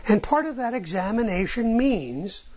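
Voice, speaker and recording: A woman's voice: on the high side, lively intonation, moderate pace, breathy edge. A woman teaching a class on rabbinic texts, often checking in with "right?" and "okay?" and asking rhetorical questions. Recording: dull lo-fi recording.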